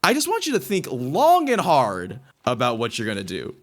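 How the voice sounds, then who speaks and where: A man's voice: medium pitch, huge pitch swings, moderate pace. A man running a tabletop game as dungeon master, explaining the rules with many restarts.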